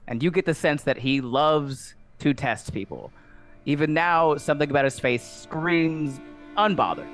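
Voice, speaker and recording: A man narrating a tabletop game as dungeon master, in a playful, animated way. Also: on the high side, a little slow. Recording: music underneath.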